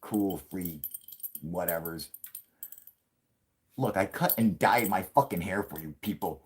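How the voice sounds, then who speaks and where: This live-stream host, a man in his late thirties, has a low, expressive voice and talks a little slowly. His rambling is crude and loaded with curses and frequent laughter, broken up by jokes where he yells as a cranky old man.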